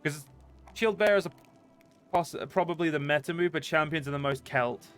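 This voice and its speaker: A man's voice: on the high side, normal speed, fairly bright tone, clean tone, faint music behind. A man streaming a game, chatting casually and profanely to his viewers. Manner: casual and profane, talks to chat, stretches words.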